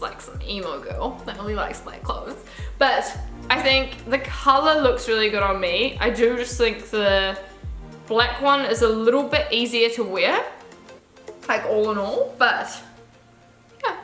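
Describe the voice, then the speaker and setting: A woman's voice: fairly high pitch, animated, unhurried, a bit bright, roomy sound, faint music behind. A young woman, chatting casually and gushingly through a clothing try-on haul, swearing now and then. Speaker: fashion vlogger.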